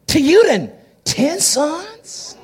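A clueless but doting husband coaxes his wife gently, as a preacher acts him out. The voice is soft and high and bends up and down. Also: very animated, drawn-out words, some chatter behind, full character voice. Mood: coaxing. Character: clumsy doting husband, man, well-meaning.

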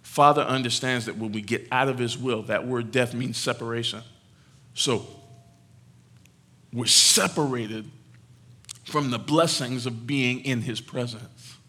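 Male preacher, bright tone, animated and conversational sermon delivery. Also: medium pitch, unhurried, long pauses, husky. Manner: animated, conversational, teasing the congregation.

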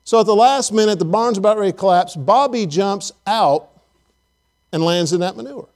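A man's voice: high-pitched, moderate pace. Folksy, joking male pastor preaching. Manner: conversational, joking, speaks straight to the congregation. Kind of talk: sermon. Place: church service.

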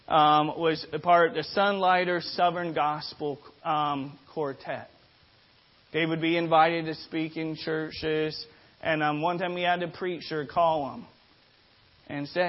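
A man preaching a sermon, telling a story with lots of energy and often restarting and repeating words. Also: fairly high pitch. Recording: dull lo-fi recording.

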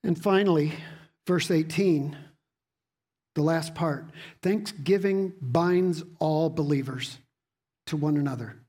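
Speaking slowly and leaving long pauses, this preacher addresses a congregation in a mid-range voice that is mellow with a breathy edge. He teaches as he goes, reads scripture aloud, repeats words, and asks rhetorical questions.

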